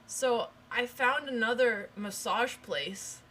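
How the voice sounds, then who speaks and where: Bright chatty young woman telling a story. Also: fairly high pitch, slow. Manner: rambling, animated storytelling with restarts. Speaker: stream co-host. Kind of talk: casual chat, storytelling.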